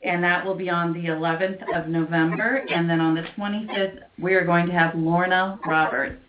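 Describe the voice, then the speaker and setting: A woman's voice: lowish voice, little pitch movement, moderate pace, background noise. A woman co-hosting a paranormal radio show, chatting casually and giggling often. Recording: echoey room, muffled lo-fi sound.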